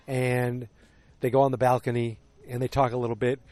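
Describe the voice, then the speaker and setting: A man talking through a casual solo podcast recap at a mid-range pitch. He rambles, corrects himself often and fills pauses with ums and uhs. Every so often he breaks in with a loud, excited exclamation. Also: dry recording. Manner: rambling, self-correcting storyteller with frequent fillers; animated, exclamatory asides. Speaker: podcast host.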